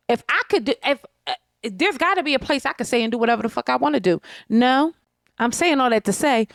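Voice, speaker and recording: A woman's voice: high-pitched, expressive, fairly quick, fairly bright tone, dry recording, studio quality. A woman co-hosting a podcast from her couch at home, talking bluntly and swearing freely as she rants. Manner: blunt, profane, emphatic ranting. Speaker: podcast co-host. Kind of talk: casual chat. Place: living room couch at home.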